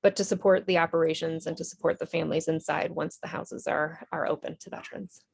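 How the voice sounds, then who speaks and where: A woman's voice: low voice, fairly even intonation, quick pace, vocal fry, a little mellow, slightly rough. A woman, an Army veteran and nonprofit director, telling her story in a TV interview in an earnest, candid way with small restarts.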